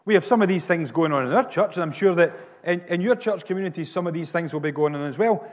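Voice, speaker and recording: A Scottish pastor preaching a sermon with emphatic, repeated phrases. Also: male voice, a little high, fast, long reverb tail.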